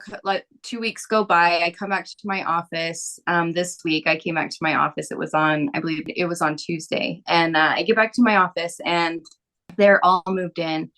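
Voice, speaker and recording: A woman's voice: lowish voice, a bit bright. A young adult woman, a massage therapist, telling a story casually as a podcast guest, rambling with lots of filler words.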